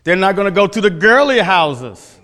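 Emphatic high-voiced male pastor. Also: big pitch swings, moderate pace, pushed and bright. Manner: emphatic, repeats phrases, asks the congregation questions. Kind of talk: sermon teaching from scripture. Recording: long hall reverb.

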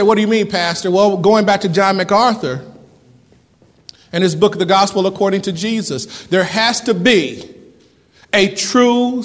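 Male pastor, high voice, fervent sermon delivery, reverberant hall. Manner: fervent preaching with dramatic pauses and swings in loudness.

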